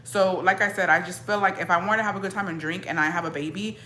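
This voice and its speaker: A woman's voice: on the low side, fast, few pauses. Blunt, profane woman with a Mexican-American accent. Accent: Mexican-American English with Spanish code-switching. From Mexican-American family. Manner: blunt, profane, animated, code-switching. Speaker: streamer. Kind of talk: casual chat reacting to viewers.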